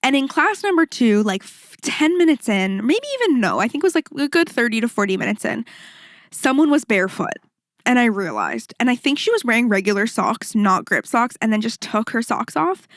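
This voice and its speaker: A woman hosting a podcast and telling a story in a casual, animated, rambling way, swearing freely and throwing in quick asides. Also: on the high side, no room sound, clean studio sound. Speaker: podcast host and fitness instructor.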